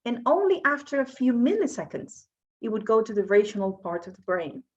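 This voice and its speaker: A woman's voice: on the high side, very animated, fairly quick, muffled recording. Woman coach leading a workshop. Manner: asks the audience questions, explanatory. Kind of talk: presenting a workshop talk.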